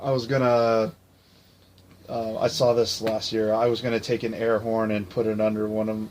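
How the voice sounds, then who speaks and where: A man's voice: fairly low pitch, monotone, moderate pace, darkish tone, slight background noise. A man co-hosting a podcast, telling stories in casual chat with frequent laughs and restarts. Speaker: podcast co-host.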